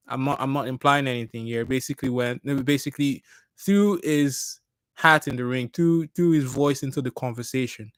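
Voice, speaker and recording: Excitable man hosting a podcast, dry sound. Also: mid-range voice, dry recording. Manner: excitable, laughs often, stumbles and repeats words. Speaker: podcast host. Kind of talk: casual political commentary. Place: at home.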